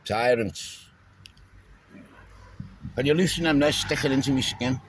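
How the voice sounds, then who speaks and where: A man filming himself in an argument with police, repeating "mate" and often shouting. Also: mid-range voice, unhurried, slight background noise, low-quality recording. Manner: argumentative, repeats "mate" constantly, stumbles over words. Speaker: self-filming activist. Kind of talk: heated roadside argument. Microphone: handheld phone camera.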